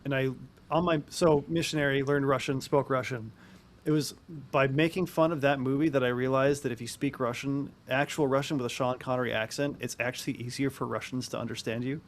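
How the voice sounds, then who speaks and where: A man co-hosting a podcast, telling a self-deprecating anecdote in animated casual chat. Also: mid-range voice, fairly quick, a little hiss or hum. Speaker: podcast co-host.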